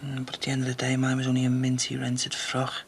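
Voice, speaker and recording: An actor playing a sulky, possessive bridegroom in a soap opera. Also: male voice, medium pitch, completely flat delivery, quick pace, a little hiss or hum, lightly acted.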